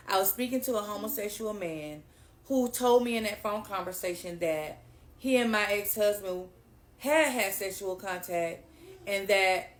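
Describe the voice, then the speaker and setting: A woman from South Carolina, telling a personal story to camera in an earnest, emphatic, conversational way. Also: mid-range voice. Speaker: vlogger. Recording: echoey room.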